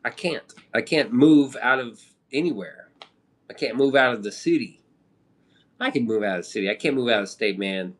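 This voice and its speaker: A man's voice: mid-range voice, expressive, moderate pace. A man from the Midwest chatting casually on a live stream, rambling with loose slang and casual swearing. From American Midwest.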